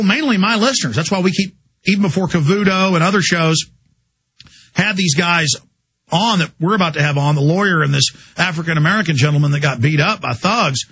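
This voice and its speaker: A man's voice: sits high, fairly bright tone, slightly rough. A man hosting a talk radio show, delivering a heated, insistent political monologue full of rhetorical questions.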